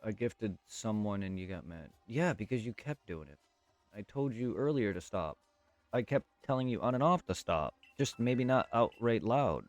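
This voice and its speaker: A man's voice: fairly low pitch, expressive, moderate pace. A male streamer talking to his live chat, frustrated and venting.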